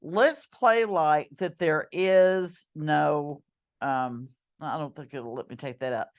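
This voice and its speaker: A woman's voice: sits low, takes it slowly. A woman teacher walking students through an online note-card tool, chatty and full of ums and self-corrections. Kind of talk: screen-recorded lesson walkthrough.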